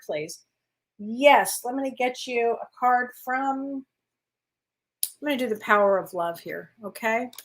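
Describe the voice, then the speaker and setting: A woman with a fairly high voice hosts a live stream, reading out viewers' questions and answering each one. She talks in a chatty, affectionate way and often calls people honey. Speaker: psychic reader and astrologer.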